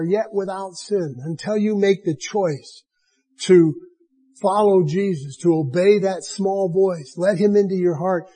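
Male preacher, higher voice, warm and mellow tone, slow earnest sermon delivery. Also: low-quality recording.

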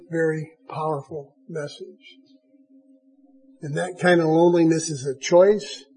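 Male preacher, higher voice, warm and mellow tone, slow earnest sermon delivery. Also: poor audio.

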